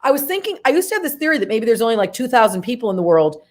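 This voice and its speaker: A woman's voice: on the high side, sing-song, rapid-fire. A middle-aged woman talks in a loose, chatty way as a guest on a show. She laughs easily and keeps breaking into short impressions as she tells her stories. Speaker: actress guest. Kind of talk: casual interview chat.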